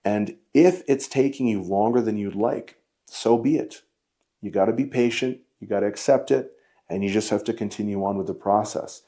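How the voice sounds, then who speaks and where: Blunt, mellow-voiced male fitness coach. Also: fairly low pitch, normal speed. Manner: blunt, emphatic, lecturing. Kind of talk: direct-to-camera coaching lesson.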